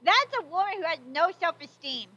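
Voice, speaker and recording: A woman's voice: extremely high pitch, lively intonation, a little fast, bright, forceful tone. A woman co-hosting a podcast, tossing in blunt, crude asides in casual chat. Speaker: podcast co-host. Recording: dull lo-fi dry sound.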